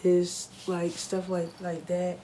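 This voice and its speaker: A woman's voice: on the low side, monotone, takes it slowly, warm tone, a little hiss or hum, low-quality recording. A young woman talking casually to her camera at home, chatty and full of fillers, openly nervous. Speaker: vlogger.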